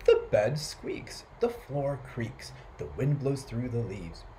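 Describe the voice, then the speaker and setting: A man voicing a fussy old man who is fed up with noise, with drawn-out, whiny complaints in a storybook read-aloud. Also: mid-range voice, lively intonation, warm tone. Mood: complaining.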